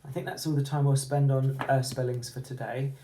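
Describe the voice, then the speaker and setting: Teacher doing phonics, sounds out every letter super slow, mid pitch, bit of room echo. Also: fairly even intonation, mellow, slight background noise. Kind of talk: online phonics lesson. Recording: echoey room.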